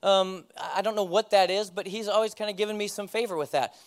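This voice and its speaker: Man, 30s, pastor; high voice, candid self-deprecating testimony with easy laughs. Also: steady tone, fast. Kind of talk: personal testimony sermon.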